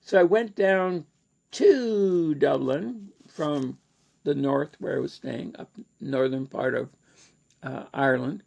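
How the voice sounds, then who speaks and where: A man's voice: fairly high pitch, takes it slowly, gravelly, a little mellow. A man with a Canadian accent telling a rambling personal story in a casual lecture, with many fillers and restarts.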